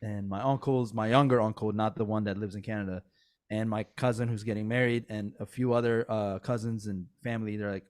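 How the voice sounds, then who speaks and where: A man's voice: fairly low pitch, brisk. Chatty male podcast host telling stories. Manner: animated storytelling with frequent fillers and laughs. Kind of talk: casual podcast chat.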